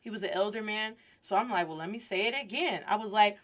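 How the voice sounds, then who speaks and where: A woman in her thirties hosts a podcast, telling a story as a Spanish lesson and mixing Spanish into her English. She's animated and switches between the two languages, speaking fast in a mid-range voice over heavy background noise.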